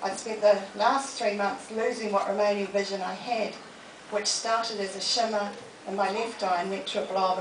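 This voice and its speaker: A woman, giving a lively, humorous motivational talk to a live audience in a library. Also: mid-range voice. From New Zealand. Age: 40s. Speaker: motivational speaker. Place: public library hall. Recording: echoey room, distant mic, noisy.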